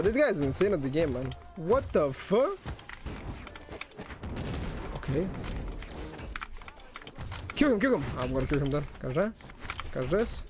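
A man commentating his own fighting-game stream, excitable and swearing, yelling at big plays. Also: on the high side.

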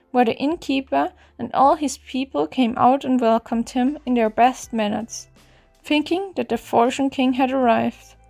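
A woman reads an old fairy tale aloud in a gentle, even storybook manner. Her voice sits high and clear, with soft music playing faintly behind her.

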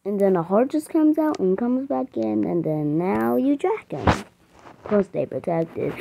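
A woman hosting a gaming video, giving playful commentary full of loud, whiny complaints and yelps. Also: medium pitch, expressive, unhurried, gravelly, a little hiss or hum.

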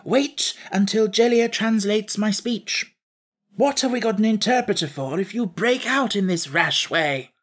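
A man's voice: high voice, expressive, moderate pace, voice pushed up. A man voicing a vain, touchy straw king who lectures in a grand manner, in a storybook audiobook. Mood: haughty. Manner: grand, lecturing, easily flustered. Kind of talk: audiobook character voice.

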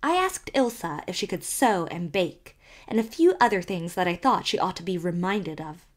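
Woman reading tart spinster neighbor, emphatic, relishing scandal, low-pitched, storybook. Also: animated, moderate pace. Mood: scandalized.

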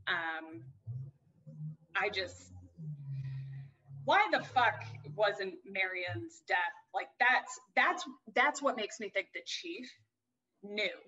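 A woman's voice: mid-range voice, bright, forceful tone, dull audio. A young adult woman co-hosting a podcast, chatting casually and swearing freely as she rants. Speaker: podcast co-host. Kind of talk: casual chat.

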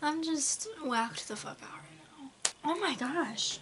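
A woman's voice: high-pitched, animated, takes it slowly, crowd noise. A woman of nineteen filming a casual vlog at home, sounding tired, swearing freely and cooing baby talk at her cat. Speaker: vlogger.

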